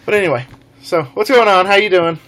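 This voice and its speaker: A man's voice: high-pitched, a little fast, fairly bright tone, a little hiss or hum. A young man telling a rambling, laughing story on a casual live stream.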